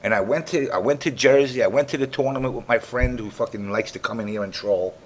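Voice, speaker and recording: A man's voice: mid-range voice, fast, a little hiss or hum. A man hosting a gaming talk show, telling a long story casually, rambling, repeating himself and swearing freely.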